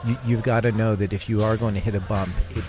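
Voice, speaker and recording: An Australian man co-hosting a casual radio tech chat, explaining things at length with hesitant pauses. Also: on the low side, flat delivery, music in the background. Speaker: co-host. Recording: radio podcast with faint background noise.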